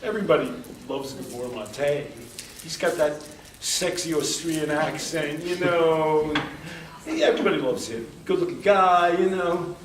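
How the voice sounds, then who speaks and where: An American man with a fairly high voice speaks at a measured pace, giving a chatty workshop lecture in which he wanders through anecdotes and acts out quoted dialogue. The noisy, roomy recording comes from a distant mic in the hall of a workshop room.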